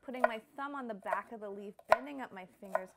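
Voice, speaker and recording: A woman's voice: mid-range voice, quick pace, very noisy. A young woman hosting a casual cooking demonstration, bubbly and playful as she chops and explains. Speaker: cooking show host.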